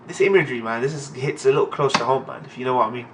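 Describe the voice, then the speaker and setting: A young man reading a manga aloud and reacting in a casual, profane, excitable way. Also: medium pitch, very fast, far from the mic, noisy background.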